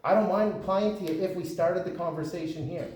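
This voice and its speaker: Blunt boxing coach, echoey gym. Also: male voice, high voice, fairly quick, darkish tone, distant mic, slight background noise. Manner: blunt, lecturing. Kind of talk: coaching talk to boxers.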